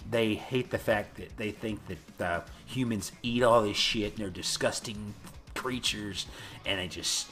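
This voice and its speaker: A man's voice: fairly low pitch, unhurried, faint music behind. A man co-hosting a casual podcast, recapping a movie with profanity and frequent laughter. He is a bit tipsy from a couple of beers. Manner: profane, laughing, animated storytelling. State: slightly tipsy from beer. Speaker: podcast co-host.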